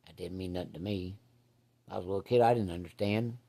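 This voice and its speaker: A man's voice: sits low, quick pace, creaky, warm tone. A man telling a rambling, plainspoken story from his childhood in casual, salty farm slang.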